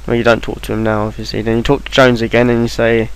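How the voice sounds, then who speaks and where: A man's voice: mid-range voice, monotone, quick pace, smooth, rough recording. A man talking through a game walkthrough in an offhand, rambling way, with plenty of ums and restarts. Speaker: game guide maker. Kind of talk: casual game walkthrough voice-over.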